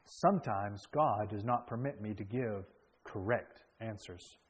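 A man reading aloud the lines of a calm, devout young soldier in a sermon story, quiet and earnest. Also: fairly low pitch, a little slow, breathy edge, pitched below the performer's own voice, rough recording.

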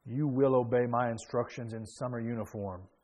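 A weary, stern middle-aged army major as a preacher reads him out. He speaks in a plain commanding way, dismissive of what he hears. The voice sits at a middling pitch. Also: fairly even intonation, normal speed, darkish tone, lightly acted. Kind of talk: sermon story reading.

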